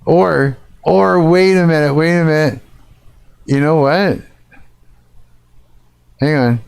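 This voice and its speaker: Slow-talking man, smooth dry voice. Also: on the high side, darkish tone, no echo. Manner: laughing, swearing, puzzled thinking aloud. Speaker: live streamer. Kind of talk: casual live-stream reaction.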